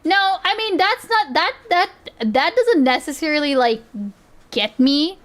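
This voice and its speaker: High-voiced woman streamer, chatty and halting. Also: expressive. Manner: self-interrupting, frequent restarts and laughs. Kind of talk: casual chat.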